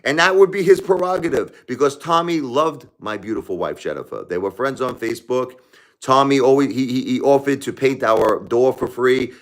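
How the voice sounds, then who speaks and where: A man hosting a casual livestream, talking emphatically and repeating himself, swinging between loud and quiet. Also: medium pitch, moderate pace. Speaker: livestream host.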